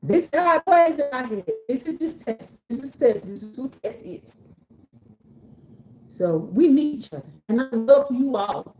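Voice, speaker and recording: High-voiced woman giving a fired-up faith talk. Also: moderate pace, roomy sound. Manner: animated, repetitive, preachy, slangy. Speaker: faith community speaker. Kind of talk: casual religious pep talk to a group.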